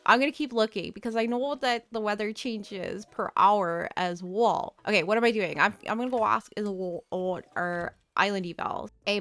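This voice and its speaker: A woman's voice: medium pitch, fairly bright tone, clean tone. A young woman giving chatty, giggly casual commentary while playing a life-sim game and reading its dialogue aloud. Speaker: gaming video creator.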